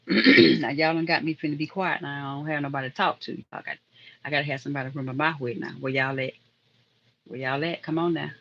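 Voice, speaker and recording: A woman's voice: on the low side, a bit bright, lo-fi sound. A woman hosting a casual live stream, chatting and rambling to viewers in the chat. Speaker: livestream host.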